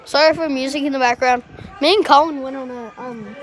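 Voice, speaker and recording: A woman's voice: high-pitched, a little fast, low-quality recording. A young woman vlogging in casual chat, teasing and laughing through playful banter.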